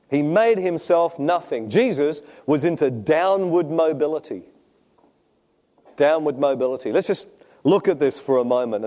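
Warm-voiced preacher telling jokes. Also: male voice, on the high side. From Australia. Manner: jokey storytelling, laughs often at own stories. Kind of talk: sermon with humorous anecdotes.

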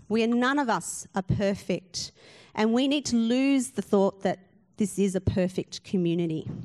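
A woman's voice: mid-range voice, a little mellow. A woman pastor, giving an earnest sermon full of rhetorical questions and emphatic repetition.

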